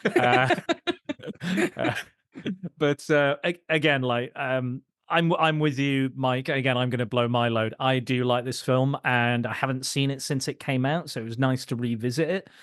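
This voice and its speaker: Man, podcast host, casual film chat, rambling, mid pitch, dry close sound. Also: steady tone, fairly bright tone, clean tone, no room sound. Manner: rambling, self-interrupting, quick to laugh.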